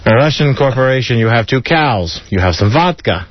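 This man, mid-range in voice and fairly quick, runs through a list of jokes on his community radio program, animated and chuckling as he goes. There's no echo in the studio, but the broadcast sounds dull and lo-fi.

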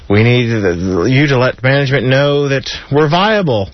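At a normal speed with few pauses, a mid-range male community radio host reads through a list of jokes in his studio, chuckling between them with animated delivery. The broadcast sounds dull and lo-fi.

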